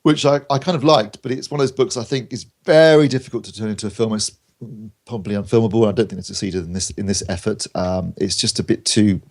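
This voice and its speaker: A man chats quickly through film picks on a podcast, pausing often with ums and starting sentences over. His low voice has a gravelly, rough edge, and he drops dry asides between the reviews. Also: darkish tone. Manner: rambling with many ums and restarts, dry jokes. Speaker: podcast co-host reviewing films. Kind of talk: casual chat.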